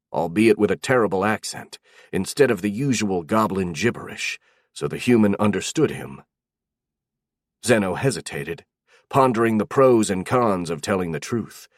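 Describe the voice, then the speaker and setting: A male narrator reads a fantasy audiobook in a steady, even way. His voice sits fairly low, and the recording is dry and close with no room sound. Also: dry recording.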